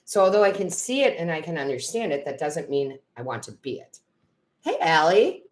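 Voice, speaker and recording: A middle-aged woman with a notably low voice hosts a casual live stream as a tarot reader. She talks to viewers by name, laughs easily and gets emotional. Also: sing-song, moderate pace.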